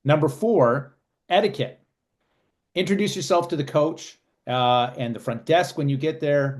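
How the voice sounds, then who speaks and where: Easygoing male co-host summing up. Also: medium pitch. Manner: listens with short backchannels, then sums up in lists. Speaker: podcast co-host. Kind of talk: casual chat, summing up advice.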